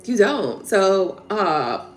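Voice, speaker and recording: Speaking very slowly, with a medium pitch that swings widely, this woman runs a live tarot stream. Over soft background music, she rants heatedly and casually, cursing and going over the same points again.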